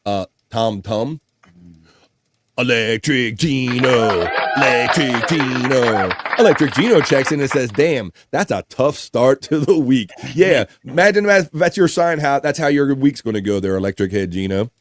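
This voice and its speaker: Man, stream host, lively up-and-down voice, dry close mic, jokey chat, reads comments. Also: medium pitch, normal speed, few pauses, no room sound. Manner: animated and jokey, laughs often. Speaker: livestream show host. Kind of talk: casual chat, reading viewer comments aloud.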